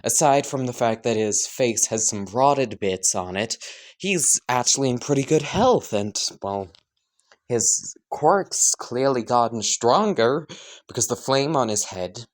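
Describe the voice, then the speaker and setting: Laid-back male narrator spinning a fan story, unhurried and rambling. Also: mid-range voice, lively intonation. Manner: slow, rambling, full of fillers and swearing. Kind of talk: casual improvised fan-fiction narration.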